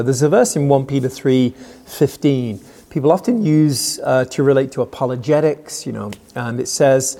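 A man who is a pastor and worship leader, a little tired, giving a relaxed, conversational devotional talk. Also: mid-range voice. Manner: relaxed, conversational, retells movie scenes with acted quotes. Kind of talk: casual spoken devotional.

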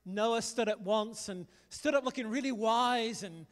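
A man from England with a Liverpool accent, preaching a sermon in a lively, chatty way with jokes to the congregation. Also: high voice, a little slow, in a large hall. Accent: Liverpool English. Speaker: pastor.

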